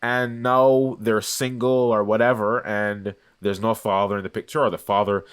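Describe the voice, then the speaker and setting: A man's voice: lowish voice, level tone, moderate pace, clean tone. A man hosting his own channel, talking in a casual, unscripted monologue that rambles, searches for words and restarts often. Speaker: channel host.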